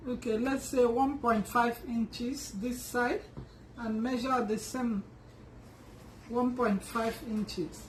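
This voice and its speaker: A woman giving an unhurried, step-by-step sewing tutorial, often restarting her sentences as she works. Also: a little high, steady tone, recorded from a distance, slight background noise. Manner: unhurried, restarts and fillers while working. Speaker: sewing instructor. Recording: echoey room, voice from off the mic.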